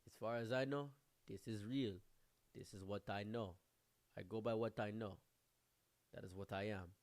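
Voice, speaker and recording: A man's voice: mid-range voice, a little mellow, lightly acted. Man putting on a stiff, solemn African man. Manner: slow, measured, formal phrasing. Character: calm, blunt African man, stately and serious.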